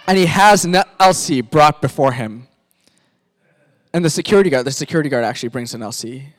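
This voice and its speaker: A man's voice: on the high side, lively intonation, a little fast. A man from Pakistan, a pastor, animatedly narrating a sermon skit and directing volunteer actors.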